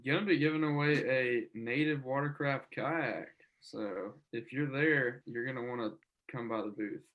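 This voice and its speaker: A young man joins a podcast chat over a video call, sounding relaxed and easygoing. He uses plenty of "like" and "you know", and his voice sits at an ordinary pitch for a man. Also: normal speed, phone-quality sound. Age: young adult. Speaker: podcast co-host and college angler.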